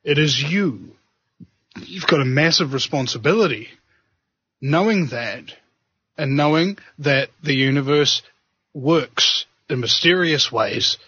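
A man with a New Zealand accent hosting a talk show, preaching and joking in an animated, casual way. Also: medium pitch, slightly rough, no room sound. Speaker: podcast host. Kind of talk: casual chat and monologue. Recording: dull lo-fi sound.

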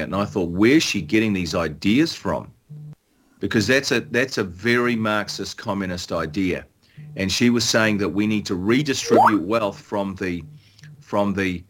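A man with a New Zealand accent speaks as a guest on a talk radio show, his voice on the low side. He tells his story in halting bursts, often repeating a word before getting the sentence out. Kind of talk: interview storytelling.

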